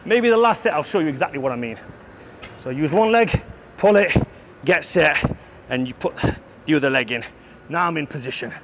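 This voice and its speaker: A man's voice: fairly high pitch, lively intonation, normal speed, pauses often, noisy background. A man coaching a gym workout, brash and profane, lecturing bluntly between heavy sets in a gym.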